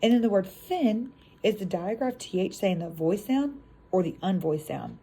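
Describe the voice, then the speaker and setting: A young woman teaching a phonics lesson, stretching out sounds with animated classroom praise, then chatting casually to other teachers. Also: medium pitch, normal speed, slightly rough.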